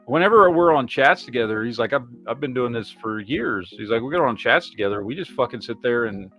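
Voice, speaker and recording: A Michigan man hosts a podcast, rambling through casual chat, swearing heavily, and reacting animatedly to viewer comments. His mid-range voice moves a little fast, the highs sound cut off, and soft music plays in the background.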